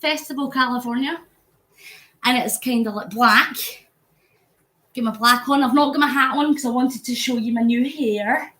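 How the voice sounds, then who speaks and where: Her voice on the high side, bright and forceful, this Scottish vlogger talks at a moderate pace with frequent pauses, the sound roomy. She's on an exercise bike at home, live-streaming a charity cycle by phone, casually chatting, reading viewer comments and getting sweaty.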